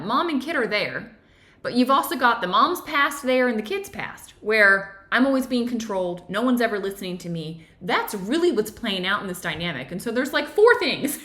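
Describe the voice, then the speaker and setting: Animated woman teaching in an echoey room. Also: fairly high pitch. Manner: conversational, keeps asking "right?". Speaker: self-help teacher. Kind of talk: guided teaching talk.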